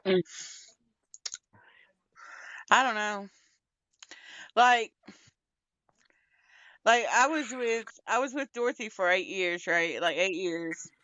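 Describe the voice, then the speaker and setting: A woman's voice: medium pitch, slow, pauses often, a bit bright, no echo, lo-fi sound. A young woman in casual, candid chat, blunt and rambling, swearing a lot. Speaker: podcast co-host.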